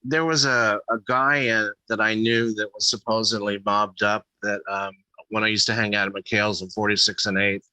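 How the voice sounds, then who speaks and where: A man's voice: lowish voice, flat delivery, moderate pace, sharp tone, smooth, no room sound, poor audio. A man chatting as a guest comedian, rambling and interrupting himself as he tells stories. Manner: rambling, self-interrupting storyteller. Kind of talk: casual storytelling chat.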